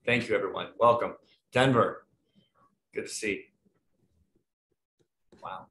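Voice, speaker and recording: Low-voiced man hosting a webinar. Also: slow, fairly bright tone. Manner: friendly, rambling with many fillers. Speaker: panel moderator. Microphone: video call.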